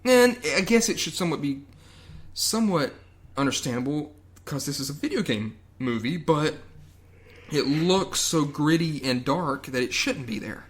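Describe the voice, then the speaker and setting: A man's voice: fairly high pitch, lively intonation, moderate pace. A man co-hosting a podcast, rambling and sarcastic as he recaps a movie. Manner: rambling, sarcastic, with loud mock quotes. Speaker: podcast co-host. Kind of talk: casual movie review chat.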